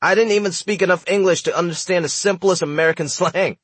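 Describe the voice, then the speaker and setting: A man's voice: high voice, fast, fairly bright tone, slightly rough, dry recording. A man from Hong Kong reading his own memoir aloud in a wry, comic storytelling manner. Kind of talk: audiobook narration.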